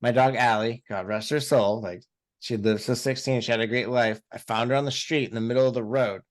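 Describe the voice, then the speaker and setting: A man co-hosting a casual chat, telling stories in an animated way and swearing freely. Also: mid-range voice, fairly quick. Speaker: podcast co-host.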